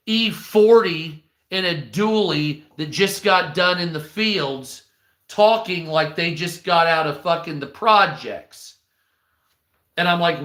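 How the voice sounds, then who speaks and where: A man's voice: high voice, a little slow, pushed and bright. A man hosting a live stream, ranting in a rambling, profane, mocking way. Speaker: live stream news host. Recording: echoey room.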